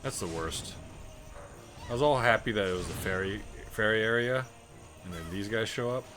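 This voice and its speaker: A man's voice: on the low side, moderate pace, over music. A man streaming a video game live, chatting and muttering self-deprecating asides and swearing at the game. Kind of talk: live gameplay commentary.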